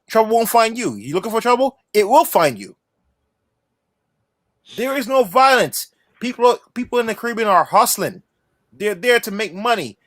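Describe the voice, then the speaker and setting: A man with a high, bright voice talks with runaway enthusiasm on a podcast livestream. He repeats and restarts his words in his excitement. The sound is dry and close. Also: dry recording. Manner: passionate, effusive, restarts often. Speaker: podcast co-host. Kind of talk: excited casual livestream chat.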